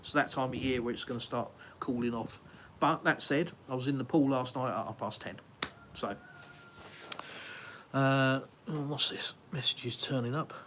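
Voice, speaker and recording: An English man chats his way through a live stream, reading out viewer comments and answering them in a loose, rambling way. His voice sits at an ordinary middle pitch. He talks into a phone while strolling around outdoors, with a faint hiss behind him. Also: moderate pace, fairly bright tone. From United Kingdom. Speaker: livestream host. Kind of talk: casual live-stream chat. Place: outdoors at a house, walking about and onto a windy terrace.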